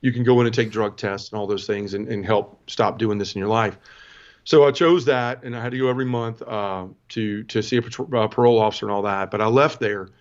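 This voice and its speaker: A man's voice: on the low side, brisk, muffled recording. Earnest middle-aged man telling his story. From Southern United States. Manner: earnest, emotional storytelling with many restarts. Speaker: interview guest. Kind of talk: personal testimony storytelling.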